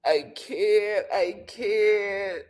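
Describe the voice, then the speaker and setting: A woman's voice: medium pitch, drawn-out words, a little mellow. A woman hosting a casual live stream, reading out viewer comments and making dramatic, laughing outbursts. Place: home.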